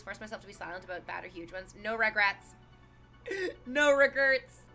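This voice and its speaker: A woman in her thirties, her voice a little high, streams and chats casually while reading viewer messages. She's lively and animated, breaking into laughs and exclamations.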